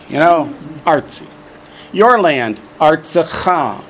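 Slow-talking male Hebrew teacher. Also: medium pitch, animated. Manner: slow, drawn-out drilling of words for repetition; joking asides. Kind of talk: classroom lesson.

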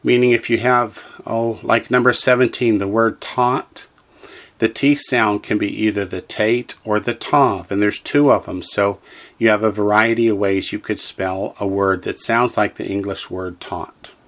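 A man's voice: on the low side, steady tone, unhurried, fairly bright tone. A man teaching a language lesson, carefully enunciating syllables for the listener to repeat and explaining each exercise. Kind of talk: slow drill-style lesson reading.

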